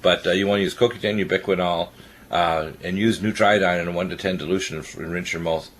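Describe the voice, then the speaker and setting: Deep-voiced man giving rapid health advice. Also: fairly even intonation, a little hiss or hum. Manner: rapid, rambling and opinionated. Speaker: radio show doctor. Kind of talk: talk radio health advice.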